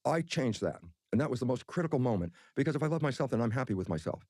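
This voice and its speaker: A man speaking as a podcast guest, telling personal stories in an excited, animated way and often repeating his words. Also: mid-range voice, very fast, no echo, studio quality. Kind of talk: animated storytelling in conversation.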